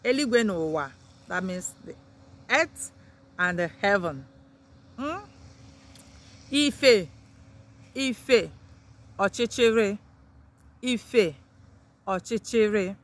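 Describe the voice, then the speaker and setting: Woman, language teacher, unhurried, repeats words, mid-pitched voice. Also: expressive. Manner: lifts words sharply in pitch when introducing them. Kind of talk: slow vocabulary lesson, repeating each word.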